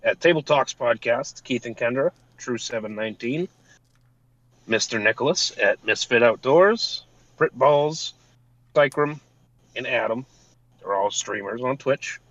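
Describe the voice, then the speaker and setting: A man's voice: mid-range voice, unhurried, fairly bright tone, no echo. A man co-hosting a podcast, casually swearing while reading out thank-yous. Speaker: podcast co-host. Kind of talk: casual chat. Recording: dull dry lo-fi mic.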